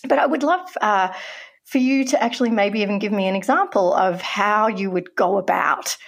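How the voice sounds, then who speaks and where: A woman hosting a radio interview, lively and laughing easily as she asks questions. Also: mid-range voice, normal speed, gravelly. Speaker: radio show host.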